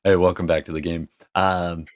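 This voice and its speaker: A man's voice: deep voice, flat delivery, normal speed. A man narrating a tabletop game as game master, describing scenes at length with frequent fillers and restarts.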